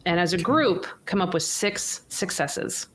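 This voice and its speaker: Rambling woman game master, low voice. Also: expressive, a little slow, slight background noise. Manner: chatty, rambling, many fillers. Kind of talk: narrating a tabletop game.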